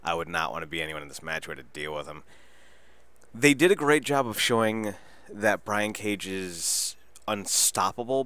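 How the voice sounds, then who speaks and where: A man with a very low, deep voice rambles excitedly through a casual solo podcast review and swears freely. The sound is dry and close, with no room around him. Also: no room sound. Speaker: wrestling podcast host.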